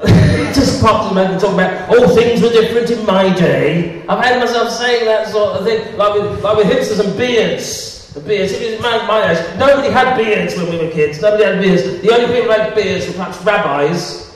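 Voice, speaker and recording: Rambling Brummie stand-up, echoey hall. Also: male voice, high-pitched, fairly quick. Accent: Birmingham. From Birmingham, England. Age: 40s. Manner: rambling, stumbling restarts, laughing at his own jokes. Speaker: stand-up comedian. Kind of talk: live stand-up comedy. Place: comedy venue hall with a live audience. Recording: echoey hall from far off, audience laughter.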